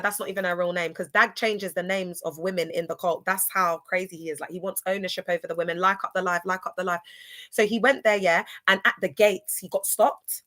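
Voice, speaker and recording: A woman runs a casual livestream. She rambles and gossips, sometimes spelling words out letter by letter. Her voice is bright and forceful. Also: mid-range voice. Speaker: livestream host.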